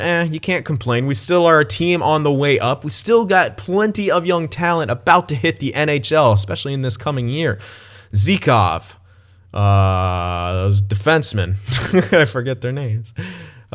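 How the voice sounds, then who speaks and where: A young man casually commenting on his gameplay as he plays, thinking aloud, swearing and blurting sudden excited outbursts. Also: mid-range voice, moderate pace. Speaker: gaming channel host.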